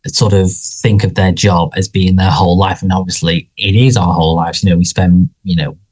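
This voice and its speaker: A man's voice: low-pitched, flat delivery, normal speed, a little mellow, breathy edge. A man co-hosting a casual podcast, talking with lots of fillers, restarts and hesitations. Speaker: podcast co-host.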